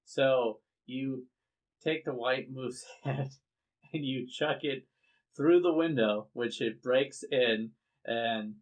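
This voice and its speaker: A man narrating a tabletop game as game master, easygoing and halting, with fillers as he describes the scene. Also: mid-range voice.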